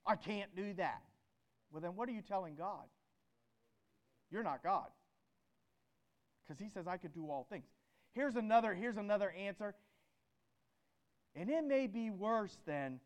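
A man preaching a sermon, asking the congregation rhetorical questions and swinging from loud emphatic peaks to low, quiet lines. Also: animated, unhurried, long pauses.

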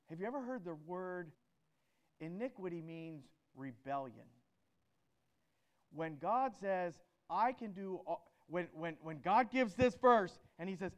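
A man preaching a sermon, asking the congregation rhetorical questions and swinging from loud emphatic peaks to low, quiet lines. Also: lively intonation, a little slow.

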